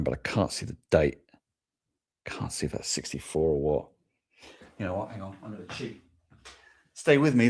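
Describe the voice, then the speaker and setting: Brief: middle-aged English male host, low voice, casual rambling live chat, self-amused. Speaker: toy podcast host.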